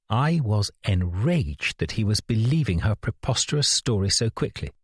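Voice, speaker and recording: A man reading a first-person mystery audiobook in a measured, dramatic storytelling manner. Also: fairly low pitch, breathy edge, no room sound, clean studio sound. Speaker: audiobook narrator.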